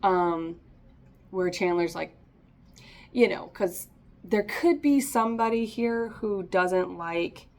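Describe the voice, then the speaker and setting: A woman reads tarot cards aloud in a loose, conversational way. She is encouraging and chatty, with frequent laughter. Her voice sits at an ordinary middle pitch for a woman. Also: slow pace, long pauses. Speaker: tarot reader. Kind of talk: casual tarot reading to camera.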